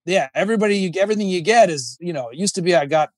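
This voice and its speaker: A man talking as a comedian guest on a podcast, rambling and swearing, breaking into high sung bits. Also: lively intonation, racing, dry recording, studio quality. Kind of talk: casual podcast chat.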